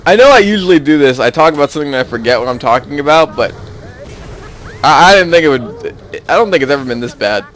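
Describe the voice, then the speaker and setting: A man's voice: on the high side, expressive, fast talker, fairly bright tone, a little hiss or hum. A young man chatting casually over his gameplay, rambling and easily losing his train of thought. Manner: rambling, easily sidetracked, chuckling often. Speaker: gaming YouTuber.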